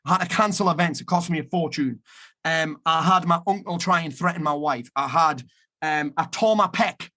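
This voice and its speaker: A man's voice: fairly high pitch, normal speed, bright, forceful tone. A man giving a blunt, emphatic motivational talk, swearing freely as he urges listeners to act. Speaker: motivational speaker.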